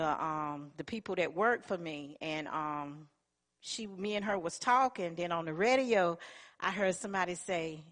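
A woman's voice: mid-range voice, fairly bright tone. A middle-aged woman giving an earnest personal testimony in church, telling her story in plain colloquial speech.

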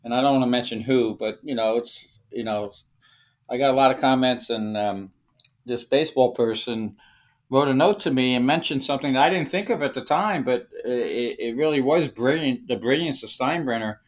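A man hosting an interview podcast, talking in a low-key, reflective way. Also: normal speed. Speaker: podcast host. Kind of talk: casual interview chat.

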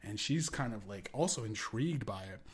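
A man's voice: fairly low pitch, animated, brisk, breathy edge. A man hosting a podcast, riffing in casual, rambling comedic commentary with lots of swearing. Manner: rambling, profane, acts out quoted voices. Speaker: podcast host.

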